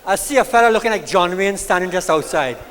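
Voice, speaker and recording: High-voiced Guyanese man telling stories. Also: quick pace, slight background noise. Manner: animated, Creole-tinged grammar. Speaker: stand-up comedian. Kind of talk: stand-up storytelling. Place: comedy club stage. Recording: long hall reverb, live archive recording.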